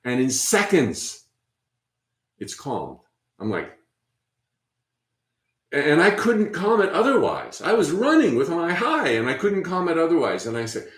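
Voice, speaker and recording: A man hosting a spiritual talk, conversational and encouraging, often repeating phrases softly as he guides listeners. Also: medium pitch, big pitch swings, normal speed, reverberant. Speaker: host.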